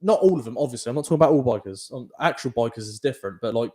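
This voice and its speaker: A man, co-hosting a podcast and telling a sweary, animated road story in casual chat. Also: mid-range voice, very fast. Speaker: podcast co-host.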